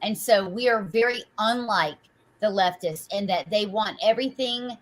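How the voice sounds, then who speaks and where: A woman's voice: medium pitch, normal speed, low-quality recording. A woman hosting a political talk show and wrapping up the conversation. She speaks casually and conversationally, with plenty of fillers and rhetorical asides.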